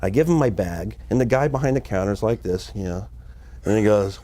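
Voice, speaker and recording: A man's voice: lowish voice, lively intonation, a little fast, warm tone. A man, a magician guest on a TV talk show, telling a rambling anecdote and laughing often. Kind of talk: casual anecdote. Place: TV studio.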